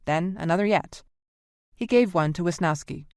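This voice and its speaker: A woman narrating a science fiction audiobook in a steady, even reading. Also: lowish voice, moderate pace, no room sound, studio quality. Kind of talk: scripted narration.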